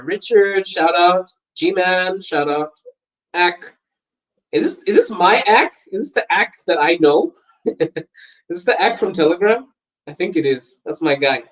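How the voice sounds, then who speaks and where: Young male podcast host with a slightly higher voice, loose and animated, laughs easily while reading chat. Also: low-quality recording. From Botswana. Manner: laughs often, animated and jokey. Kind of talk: casual live-stream chat.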